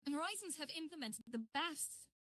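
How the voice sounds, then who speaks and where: A woman's voice: high voice, lively intonation, brisk, fairly bright tone, no echo. A woman chatting on a live stream as she builds, rambling and greeting viewers while she works. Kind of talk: casual live-stream chat.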